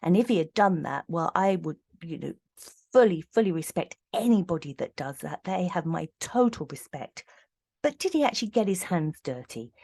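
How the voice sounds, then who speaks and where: A woman's voice: fairly low pitch, sing-song, moderate pace, gravelly, warm tone, breathy edge. A middle-aged woman giving a casual, indignant tarot reading with sarcastic asides. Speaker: tarot reader.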